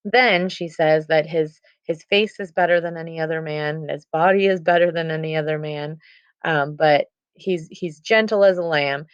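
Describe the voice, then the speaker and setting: A woman's voice: low voice, normal speed, clear, resonant tone, no room sound. A young woman teaching, retelling a play scene casually with lots of "like" and "um". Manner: casual retelling with many "like" and "um" fillers. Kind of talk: casual lesson summary. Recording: dull, muffled recording.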